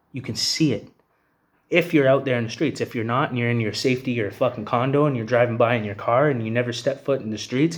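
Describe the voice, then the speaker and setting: An agitated man giving a heated, profane rant, with the filler "you know what I mean" coming up again and again. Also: medium pitch. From Canada. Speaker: vlogger. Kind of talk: angry rant to camera.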